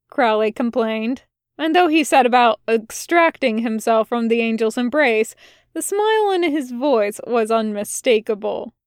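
A woman reading a fanfiction audiobook aloud in a steady, expressive storybook narration. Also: a little high, smooth, dry recording, clean studio sound.

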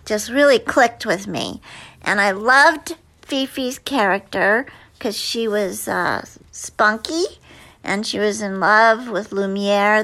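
A woman's voice: mid-range voice, vocal fry, pushed and bright. A woman actress answering interview questions in a chatty, hesitant way with many fillers and restarts. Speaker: actress guest.

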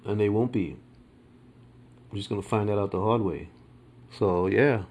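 A man's voice: on the low side, darkish tone. A man hosting a podcast, giving his opinions in a casual, meandering monologue full of fillers and laid-back slang. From United States. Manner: slow and meandering, many fillers and restarts; laid-back, colloquial speech. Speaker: podcast host.

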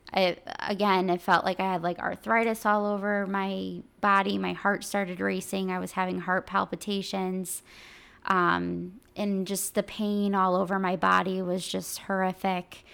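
Gravelly-voiced woman telling a hard story. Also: mid-range voice, fairly bright tone. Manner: halting, emotional, many fillers. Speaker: vlogger telling her illness story. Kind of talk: casual personal storytelling.

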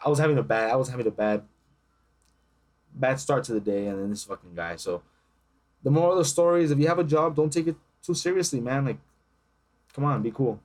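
Brisk but broken by long pauses, his medium-pitched voice carries a young man's podcast banter. He spins profane, animated anecdotes and voices the characters himself.

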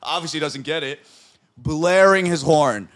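A man telling a fight story in casual podcast chat, animated and full of swearing, acting out what people said. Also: on the high side, unhurried. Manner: animated storyteller, swears a lot, acts out quotes. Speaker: podcast host.

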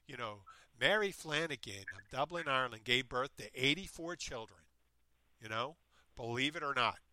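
Rambling male co-host, bright tense voice, dry close sound, casual chat. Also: medium pitch, normal speed, dry recording. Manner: meandering, self-interrupting, animated retelling.

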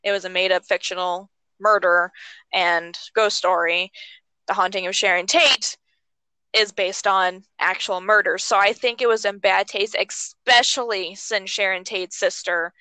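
Bright-voiced young woman, casual swearing chat. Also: unhurried, smooth, no echo, low-quality recording. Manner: animated, swears freely, acts out lines in high squeaky voices.

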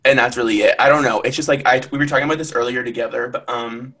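A young man co-hosts a relaxed podcast in a bright, clear tone at a middle pitch. He rambles easily, leaning on fillers as he goes. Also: quick pace. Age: young adult. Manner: easygoing, rambling with many fillers. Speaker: podcast co-host. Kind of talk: casual podcast chat.

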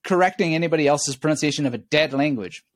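A man's voice: a little high, fast talker, no echo. Man explaining memory techniques, dry sound. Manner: storytelling, wry, laughs at himself. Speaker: memory expert guest. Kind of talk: explanatory interview talk.

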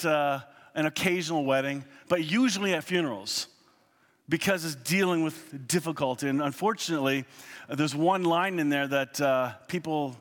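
Guy preaching a sermon, kinda high voice, echoey hall, slow earnest reading. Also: fairly bright tone. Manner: earnest, reads scripture slowly, asides with fillers. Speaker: pastor. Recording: long hall reverb.

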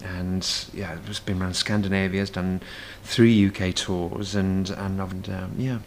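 A man's voice: deep voice, little pitch movement, a little slow, slight background noise. A man, a stage performer, chatting as a guest in a casual cafe interview, rambling with many fillers and restarts.

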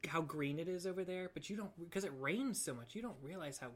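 A woman's voice: on the low side, expressive, quick pace. A young woman co-hosting a podcast, chatting casually and joking around with a giggly manner. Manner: giggly, joking, breaks into silly accents. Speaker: podcast co-host. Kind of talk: casual chat.

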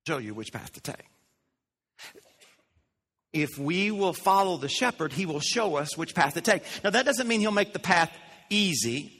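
A man's voice: sits high, lively intonation, moderate pace, pauses often, a bit bright, slightly rough, big-room sound. A man preaching a sermon to his congregation, emphatic, asking them questions and repeating his phrases. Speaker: pastor. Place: church sanctuary.

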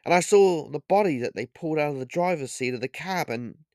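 A man voicing a shaken male regular who is out of breath and speaks in rushed, halting bursts. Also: a little high, expressive, a little mellow, dry recording, clean studio sound, voice pushed up, lightly acted.

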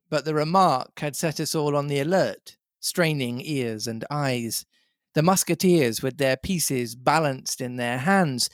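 A man reads an adventure novel aloud at an even, measured storytelling pace. His voice sits mid-range and the recording is dry and close. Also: medium pitch, dry recording. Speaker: reader and podcast host. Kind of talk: reading a novel aloud with banter.

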